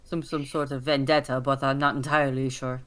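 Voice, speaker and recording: A man's voice: mid-range voice, flat delivery, a little fast, a bit bright, clean tone. A man playing a tabletop game online, flustered and apologetic in casual chat. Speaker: player.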